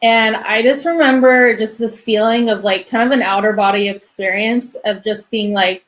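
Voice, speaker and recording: A woman's voice: a little high, fairly even intonation, moderate pace, hardly any pauses, fairly bright tone. A young woman as a podcast guest, telling a personal story in a chatty way, full of "like" and small laughs. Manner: chatty, many "like"s, laughs between phrases.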